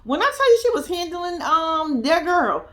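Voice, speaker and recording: Young female vlogger, high and very animated, profane and laughing, casual reaction commentary. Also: normal speed.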